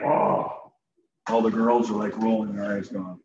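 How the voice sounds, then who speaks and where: A man's voice: lowish voice, level tone, unhurried, darkish tone, roomy sound, dull audio. A man teaching a shop class in a folksy, joking way while demonstrating tools. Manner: folksy, joking, talks to students directly. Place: school workshop.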